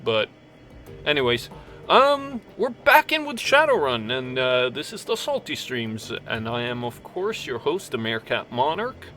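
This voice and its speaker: A man chats his way through a game stream at an unhurried pace, full of fillers and jokes at his own expense. His voice sounds bright and forceful. Faint music plays underneath. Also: mid-range voice, sing-song. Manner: rambling, self-mocking, many fillers. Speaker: streamer host. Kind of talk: casual game stream commentary, reading game text aloud.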